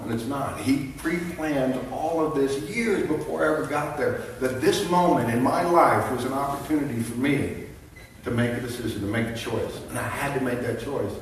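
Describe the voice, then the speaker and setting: A middle-aged man telling an emotional personal testimony to a men's conference crowd, halting with many restarts. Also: mid-range voice, a little hiss or hum. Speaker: conference speaker. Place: large conference hall. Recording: echoey hall, heard from a distance.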